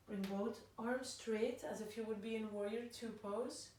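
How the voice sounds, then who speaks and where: A woman leading a live yoga class, calmly cueing breaths and poses. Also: medium pitch, unhurried, few pauses. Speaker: yoga instructor. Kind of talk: guided yoga class instruction. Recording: very echoey room, voice from far off.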